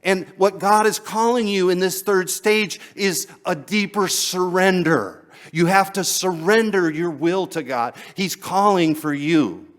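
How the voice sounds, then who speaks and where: A man's voice: sits high, measured pace, hardly any pauses. A male pastor preaching a sermon in a conversational way, chuckling often and repeating words as he goes.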